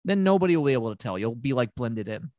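A man hosting an improvised comedy podcast as a therapist, rambling and stammering with deadpan asides. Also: medium pitch, quick pace, no room sound. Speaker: podcast host playing a therapist.

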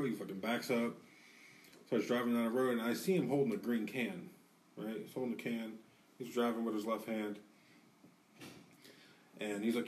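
Far from the mic, a man with a lowish voice speaks a little fast while co-hosting a podcast. He animatedly recounts a rowdy tale, heavy on profanity and full of acted-out quotes.

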